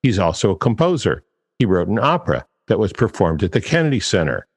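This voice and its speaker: A man with a low, deep voice hosts a podcast in a loose, chatty way, wandering from one example to the next and poking fun at himself. His voice carries a long reverb tail, as if recorded in a large, echoing space. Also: big pitch swings, fairly quick, breathy edge. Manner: chatty, digressive, self-deprecating. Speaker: podcast host. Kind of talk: casual podcast monologue.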